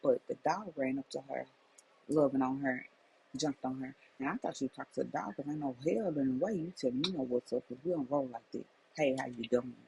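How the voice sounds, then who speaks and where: A middle-aged woman shares a personal testimony as a faith message, her voice gravelly with a husky, fried edge. She tells it emphatically and circles back on her words, with a faint hiss of ambience underneath. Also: rumbling low, brisk, dark tone, poor audio. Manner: emphatic, repetitive storytelling. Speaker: life coach.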